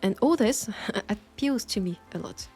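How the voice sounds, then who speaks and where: A soft-spoken woman with a French accent answers listener questions at a measured, thoughtful pace, pausing with small hesitations. Her voice sits at an ordinary middle pitch. Faint music plays softly behind her. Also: expressive, slightly rough. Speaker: audio roleplay creator answering listener questions. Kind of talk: Q&A talk.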